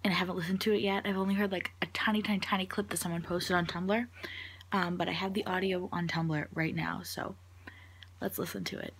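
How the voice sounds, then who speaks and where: A woman's voice: fairly low pitch, steady tone, brisk, fairly bright tone, slight background noise. A woman reacting in a vlog, gushing and nervous, swearing and often dropping to a whisper, recorded on a phone. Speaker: vlogger. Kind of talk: reaction video. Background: music playing.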